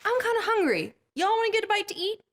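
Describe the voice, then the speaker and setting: A woman's voice: very high-pitched, sing-song, fast, fairly bright tone, pitched above the performer's own voice, exaggerated voice. A woman voicing Jesus as a laid-back, slangy grown man who gets irritated easily. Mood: casual.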